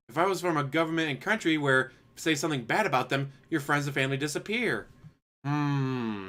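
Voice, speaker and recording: A man's voice: a little high, a little fast, fairly bright tone. A man streaming commentary, answering a clip with sarcastic, mocking rebuttals. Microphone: desk USB microphone.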